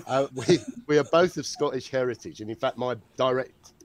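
A man's voice: medium pitch, normal speed. A man, guest podcaster and author, teasing bluntly in casual chat.

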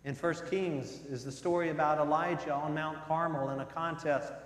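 A man's voice: steady tone, moderate pace. Dramatic preaching man in echoey church. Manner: dramatic swings between loud emphasis and soft, low passages. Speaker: pastor. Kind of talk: sermon. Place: church sanctuary. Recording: echoey church hall with long reverb.

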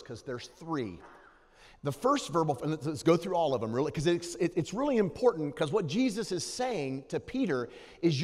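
Male guest preacher, animated sermon delivery, echoing sanctuary. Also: a little high, moderate pace. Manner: animated, swings from hushed storytelling to loud exhortation. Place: church sanctuary. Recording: long hall reverb.

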